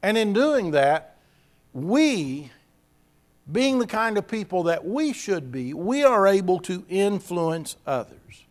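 A man's voice: sits high, very animated, slow pace. A man preaching a sermon, earnest and repeating key phrases for emphasis.

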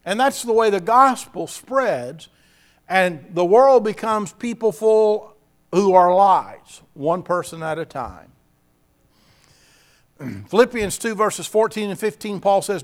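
A man's voice: sits high, expressive, slow. A man preaching a sermon, earnest and repeating key phrases for emphasis.

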